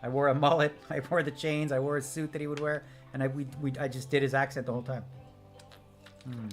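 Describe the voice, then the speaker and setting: A man's voice: mid-range voice, level tone, brisk, faint music behind. Brash, joking man streaming poker. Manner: brash, joking, answers viewer chat. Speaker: poker player live-streaming. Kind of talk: casual live-stream chat. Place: home streaming setup.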